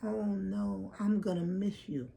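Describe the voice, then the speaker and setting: A woman putting on the voice of a shallow female friend, all dramatic mock-concern in a high, breathy tone. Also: fairly even intonation, slow pace, mellow, a little hiss or hum. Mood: mock sorrow.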